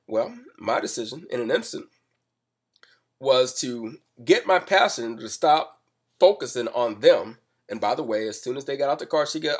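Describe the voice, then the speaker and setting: A man telling a personal story in a calm, measured way, explaining step by step. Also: medium pitch, husky. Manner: calm and measured, rising to loud reenactments. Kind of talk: spoken personal account, explanatory.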